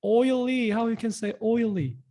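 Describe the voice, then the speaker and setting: A young man teaching a casual online language lesson, repeating words slowly and often asking his viewers "guys". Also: extremely high pitch, steady tone, dark tone.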